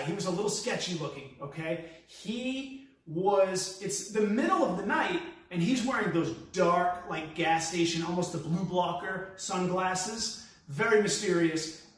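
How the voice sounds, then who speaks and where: A lively, high-voiced man with a New York accent tells a stand-up story and throws himself into every quoted line. His voice rings around a very echoey room, picked up from a distance. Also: measured pace. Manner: animated, acts out quotes with big pitch swings. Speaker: comedian. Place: live stand-up venue.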